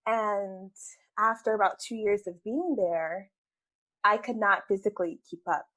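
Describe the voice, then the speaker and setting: Woman guest on a chat show, open and earnest, middle pitch, tells her story. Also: a little slow, sharp tone, poor audio. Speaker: guest, entrepreneur. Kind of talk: conversational interview.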